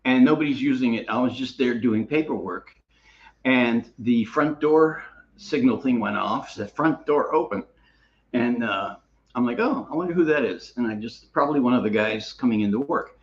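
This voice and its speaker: A man's voice: medium pitch, normal speed. Rambling, laughing storyteller man, lo-fi sound. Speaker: co-host. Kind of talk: casual chat.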